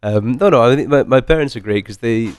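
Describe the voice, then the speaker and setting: A man's voice: mid-range voice, quick pace, smooth, no echo. A man in his forties with a light Scottish accent, a master distiller chatting in a podcast interview, rambling with many fillers and restarts. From Scotland.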